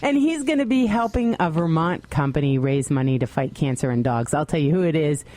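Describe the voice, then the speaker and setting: Low, mellow-voiced woman anchor. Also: animated, brisk. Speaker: news anchor. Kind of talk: radio news teaser.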